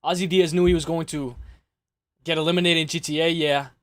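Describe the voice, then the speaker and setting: A man's voice: a little high, fairly even intonation, a little fast, a bit bright, no room sound. A young man hosting a casual livestream, talking loosely with lots of swearing and exasperated, mocking asides to his chat. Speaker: livestream host.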